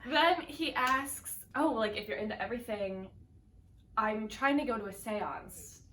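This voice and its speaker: Young woman, casual podcast recap, animated voices for characters, roomy echo, faint background noise. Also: on the high side, a little slow. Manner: animated, acts out characters' lines in put-on voices. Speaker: podcast co-host. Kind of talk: casual chat recapping a sitcom episode. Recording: echoey room, distant from the mic, faint noise.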